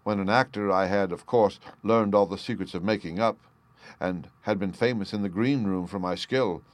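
A man voicing an ashamed gentleman prisoner who tells his story earnestly and pleadingly. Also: lowish voice, normal speed, no room sound, close to an everyday voice. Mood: confessing.

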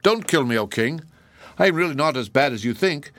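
A man's voice: a little high, animated, fast, a bit bright, no echo, pitched above the performer's own voice. A man voicing a humble but clever young thief in a storybook reading, speaking earnestly and pleadingly.

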